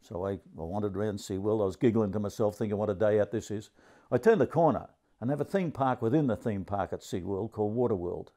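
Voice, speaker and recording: A man in his seventies with an Australian accent, telling a crude, grumpy stand-up comedy story in a deadpan way. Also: lowish voice, fast talker. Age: 70s.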